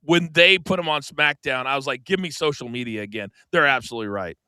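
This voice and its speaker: A middle-aged American man co-hosting a podcast, telling a story in a casual, animated way and acting out the quoted lines. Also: mid-range voice, fast, clean tone, no echo. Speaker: podcast co-host.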